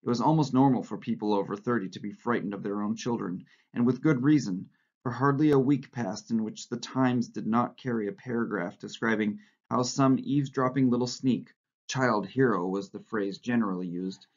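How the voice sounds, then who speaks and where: A male teacher reading a novel aloud to his class in a steady voice, with brief asides and small slips. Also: mid-range voice, normal speed. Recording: slightly dull lo-fi recording.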